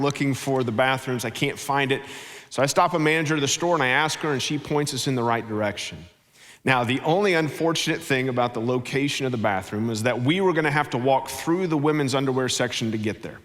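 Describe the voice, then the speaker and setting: A middle-aged man, a guest pastor telling stories humorously in a sermon in a church auditorium. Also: medium pitch. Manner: humorous, animated storytelling. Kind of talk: sermon with storytelling. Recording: church hall reverb.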